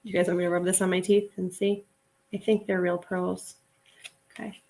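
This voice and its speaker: A woman's voice: on the low side, little pitch movement, moderate pace, gravelly, dark tone. Chatty woman reseller live-streaming. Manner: chatty, gushing over items, reads viewer comments. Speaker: reseller livestream host. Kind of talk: casual live-stream chat.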